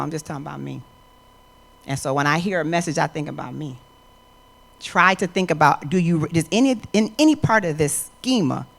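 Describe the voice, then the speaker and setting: A middle-aged woman giving a motivational talk to an audience. She speaks emphatically and conversationally, moving from soft asides to loud declarations. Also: fairly low pitch, creaky.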